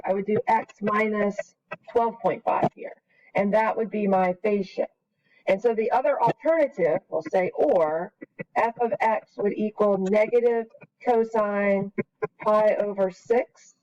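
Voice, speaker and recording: A woman's voice: fairly high pitch, darkish tone, recorded from a distance, muffled recording. A woman teaching math in a recorded screen lesson, patiently explaining each step and thinking aloud as she works.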